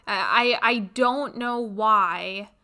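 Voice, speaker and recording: Woman, podcast host, casual storytelling, blunt, expressive, slow, bright tone. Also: mid-range voice, smooth.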